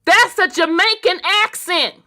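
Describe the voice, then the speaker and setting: Animated high-voiced Southern woman host. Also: a little slow. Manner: animated, slangy, laughing storyteller. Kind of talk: casual group discussion.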